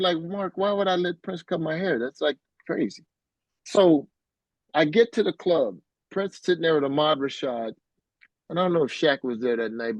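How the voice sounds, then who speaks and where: A man's voice: fairly high pitch, dry recording, rough recording. A middle-aged man, a keyboardist guest in an interview, casually telling a story and acting out the voices of the people in it. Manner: animated, acts out quoted voices, fillers like "like" and "bro".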